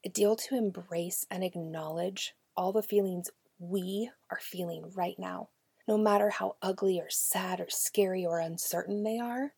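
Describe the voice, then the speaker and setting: A woman's voice: fairly low pitch, fairly even intonation, measured pace, gravelly, darkish tone, breathy edge, no room sound. A woman hosting a podcast, talking directly to parents in a conversational way and often dropping to a near-whisper. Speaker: podcast host. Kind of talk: podcast talk to parents and educators.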